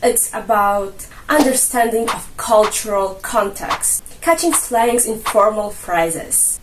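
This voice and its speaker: Woman, native russian speaker, casual exam coach, slow and chatty, slightly high voice. roomy sound, bit far from mic. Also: noisy background. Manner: chatty, jokey, addresses viewers as friends. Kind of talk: casual explainer narration. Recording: roomy, a bit distant from mic, light music.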